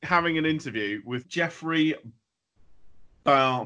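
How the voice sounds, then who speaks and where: A man's voice: mid-range voice, expressive, a little fast, a bit bright, dull audio. Teasing man, podcast banter. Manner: teasing, rambling. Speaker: podcast co-host.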